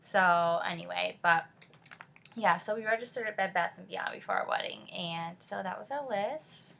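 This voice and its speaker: A woman's voice: on the low side, normal speed, vocal fry, fairly bright tone, slight background noise. A woman in her twenties from California, with a Californian accent tinged by New England, chatting casually with lots of fillers. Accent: Californian with a touch of New England. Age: 20s. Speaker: vlogger. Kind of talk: casual chat.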